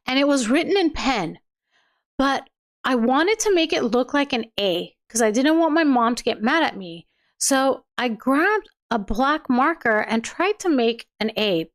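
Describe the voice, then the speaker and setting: A young woman hosting a livestream, reading out viewer comments in a chatty way and laughing often. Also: sits high. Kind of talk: casual chat.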